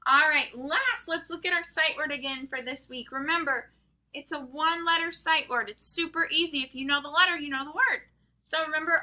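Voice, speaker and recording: Woman, high voice, very bright tone, recorded phonics lesson for little kids, drawn-out letter sounds. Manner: slow, exaggerated sounding-out of letters and words. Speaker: kindergarten teacher.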